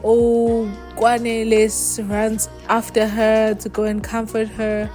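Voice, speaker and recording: Lady chatting thru a tv recap, lively, soft music under it. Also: on the high side, takes it slowly. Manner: animated, paraphrases characters in quotes. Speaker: TV series reviewer. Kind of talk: casual recap and review.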